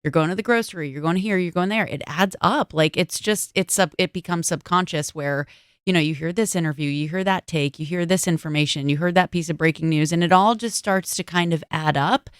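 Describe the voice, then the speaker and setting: A woman's voice: low voice, a little fast, clear, resonant tone, no echo, clean studio sound. A woman guest on an interview podcast, chatting and telling stories, acting out quotes in other voices. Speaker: guest, motorsports broadcaster. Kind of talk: casual interview chat.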